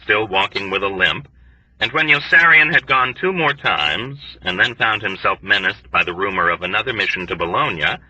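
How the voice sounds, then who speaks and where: A man narrating an audiobook in an expressive, lively storytelling manner. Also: on the low side, husky, no room sound, recorded from a distance. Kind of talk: scripted narration. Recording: dry, dull lo-fi recording.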